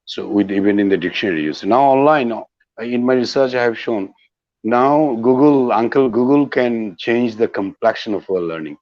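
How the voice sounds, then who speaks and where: A man's voice: medium pitch, normal speed, no room sound, lo-fi sound. A middle-aged man with a Bangladeshi accent, an English professor giving a didactic talk as a guest speaker, often checking in with "okay?" and "you see". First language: Bengali. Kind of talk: lecture-style talk.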